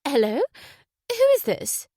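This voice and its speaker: A woman reading a well-spoken wife who gets flustered, hesitating and stumbling over her words. Her voice goes very high. It is recorded dry and close. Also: sing-song, slow, dark tone, dry recording, full character voice. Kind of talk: audiobook character voice.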